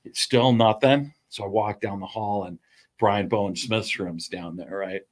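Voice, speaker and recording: A man as a podcast guest, chatting casually and telling animated stories. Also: fairly low pitch, unhurried. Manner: animated, chatty storyteller with restarts. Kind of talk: casual chat, storytelling.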